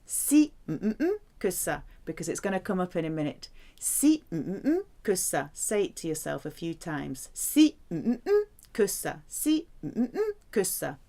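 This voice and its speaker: A woman teaching a language lesson, slowly drilling phrases and humming placeholder sounds between words. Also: lowish voice, very animated, gravelly, warm tone. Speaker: French teacher.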